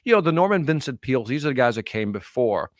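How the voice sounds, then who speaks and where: A middle-aged man, a motivational speaker guesting on a podcast, talking in an earnest, energetic storytelling manner. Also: medium pitch, fast talker, no room sound, studio quality. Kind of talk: casual podcast interview.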